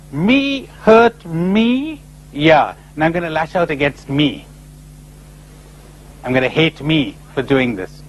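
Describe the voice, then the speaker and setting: Animated man giving a spiritual talk. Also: a little high, a little hiss or hum, rough recording. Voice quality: animated, rhetorical, acting out imagined voices. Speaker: speaker at a spiritual retreat conference. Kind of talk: lively spiritual conference talk.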